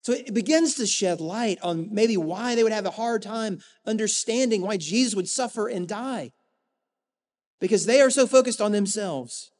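Man pastor preaching, earnest emphatic delivery, higher voice, long reverb of a church hall. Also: darkish tone. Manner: earnest, with rhetorical emphasis and dramatic pauses. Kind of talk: sermon.

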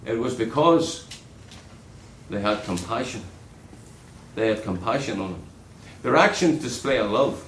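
A man preaching a sermon in an earnest way, dropping low and soft on key words. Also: expressive, unhurried, reverberant, a little hiss or hum, poor audio.

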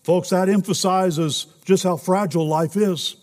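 Male pastor with a high voice, heartfelt and pleading sermon delivery, reverberant sanctuary sound. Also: fairly even intonation, a little slow, few pauses, a little mellow. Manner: emotional, rising to urgent preaching. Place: church sanctuary. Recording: long reverb in a large sanctuary.

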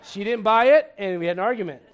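A faint crowd can be heard as a male Puerto Rican pastor preaches quickly in a high-pitched voice. He jokes, stays animated, restarts sentences often, and acts out small scenes.

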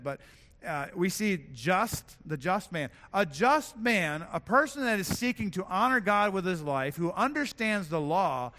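A man preaching with a high, bright voice that rings out through a large hall. He talks earnestly and conversationally, restarting phrases and repeating words as he works through his point. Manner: earnest, self-correcting, repeats words while building points. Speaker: pastor. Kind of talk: sermon.

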